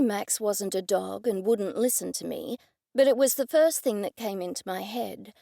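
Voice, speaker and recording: A woman narrating a first-person mystery audiobook in a clear, even storytelling delivery. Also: medium pitch, moderate pace, no room sound, studio quality.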